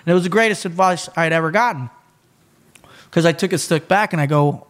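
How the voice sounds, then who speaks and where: A man telling stories as a guest on a podcast, animated and blunt, with a lot of swearing. His voice sits a little high for a man. He talks in a loose, casual way. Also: brisk. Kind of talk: casual storytelling chat.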